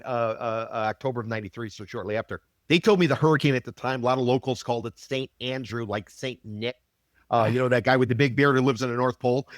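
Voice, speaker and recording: A man co-hosts a podcast, talking quickly in a middle-pitched voice. His takes are blunt and skeptical, and he delivers them briskly in a close, dry sound. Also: fairly bright tone, no room sound. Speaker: podcast co-host, market analyst. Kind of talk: casual podcast chat.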